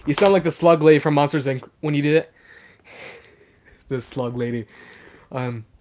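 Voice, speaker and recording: A young man who is sick, his voice rougher than usual, casually chats on a live stream and reads out chat messages. His pace is measured and his voice a little high, while his manner stays chatty and excitable with lots of fillers.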